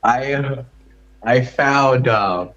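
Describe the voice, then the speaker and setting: A man calling into a livestream, telling a story in a halting way full of ums and uhs. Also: mid-range voice, fairly bright tone, muffled recording. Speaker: caller. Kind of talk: casual storytelling on a call.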